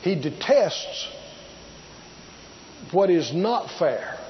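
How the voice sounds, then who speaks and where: A man's voice: sits high, very animated, very slow, highs cut off, slight background noise. A man preaching a sermon, emphatic and drawn out, repeating key words and asking his listeners rhetorical questions. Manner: asks the congregation rhetorical questions.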